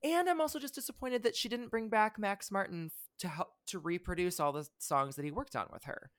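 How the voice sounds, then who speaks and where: A man's voice: high-pitched, brisk. Rambling man co-hosting a pop podcast. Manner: rambling, restarts often, passionate fan opinions. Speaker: podcast co-host. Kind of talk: casual pop culture chat.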